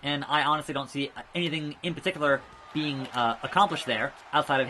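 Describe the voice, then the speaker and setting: A young man giving rambling let's play commentary, chatting about wrestling news and reacting loudly to the game as he plays. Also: a little high, fairly even intonation, fairly quick, few pauses, background noise. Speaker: gaming YouTuber.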